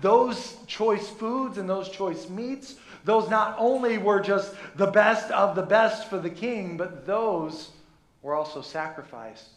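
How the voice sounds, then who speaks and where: A pastor preaches in a high, light voice, mixing playful self-mockery with earnest scripture. His sermon is full of quick restarts and asides. The sound carries with a lot of room echo from the church.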